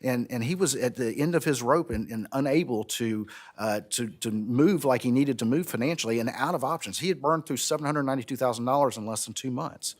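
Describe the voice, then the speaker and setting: A man's voice: mid-range voice, brisk, few pauses. Earnest man arguing in court. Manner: earnest, building to emphatic. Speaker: prosecutor arguing an appeal. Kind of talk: courtroom oral argument.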